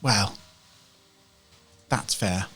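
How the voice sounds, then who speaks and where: A man voicing a brisk, sharp-tongued middle-aged woman shopkeeper. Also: fairly low pitch, husky, heavily acted. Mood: sympathetic. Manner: brisk, scolding.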